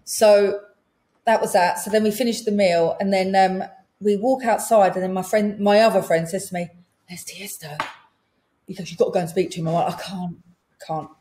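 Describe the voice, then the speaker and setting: A British woman, a guest singer, telling a lively anecdote on a podcast and acting out the people in it. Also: mid-range voice, fairly quick. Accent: British English. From Britain. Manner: lively anecdote-telling, acts out quoted voices. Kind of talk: casual podcast storytelling.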